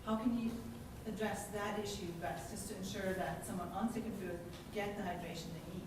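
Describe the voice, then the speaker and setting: A woman's voice: mid-range voice, steady tone, brisk. A woman, a physiotherapist, asking a hesitant question from the audience at a lecture. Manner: hesitant, searching for words. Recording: distant voice in a very echoey room, noisy.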